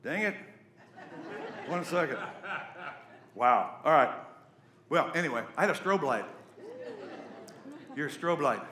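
A man's voice: a little high, takes it slowly, pauses often, roomy sound. A middle-aged man preaching a sermon, telling stories with jokey asides. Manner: storytelling, animated, jokey asides. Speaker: pastor.

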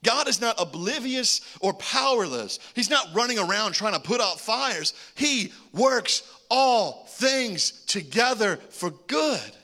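A man preaching a sermon, animated, with joking asides and swings between loud calls and hushed remarks. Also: high-pitched, takes it slowly, hardly any pauses. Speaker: pastor.

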